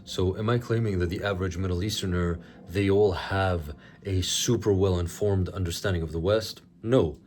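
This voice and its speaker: A man's voice: low-pitched, dark tone. An Iranian man hosting his channel, giving sarcastic, impassioned commentary to camera. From Iran. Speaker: channel host.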